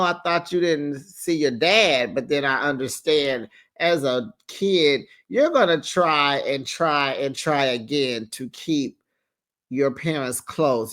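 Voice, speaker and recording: Recap host: sassy and chatty, gossipy retelling of reality TV episodes. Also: mid-range voice. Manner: sassy, chatty, with frequent "honey" asides; lively, retells scenes in quoted voices. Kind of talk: casual reality show recap commentary.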